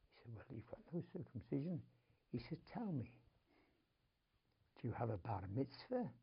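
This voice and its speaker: Older man, Manchester accent, gravelly husky voice, dull lo-fi TV recording, emotional storytelling. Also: mid-range voice, sing-song, moderate pace. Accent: Manchester English. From England. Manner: emotional storyteller, dropping to whispers and rising to urgent outbursts. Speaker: guest. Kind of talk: storytelling in a TV interview.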